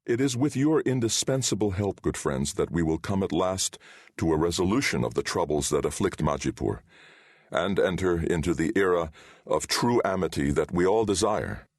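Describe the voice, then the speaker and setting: A man's voice: low voice, expressive, normal speed, no echo, studio quality. A man voicing a weary male king who speaks in a formal, stately way. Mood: ceremonial.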